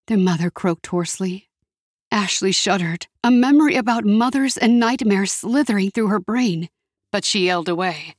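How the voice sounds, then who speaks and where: A woman's voice: medium pitch, no room sound. Woman narrating a story, dry close sound. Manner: steady, measured storytelling.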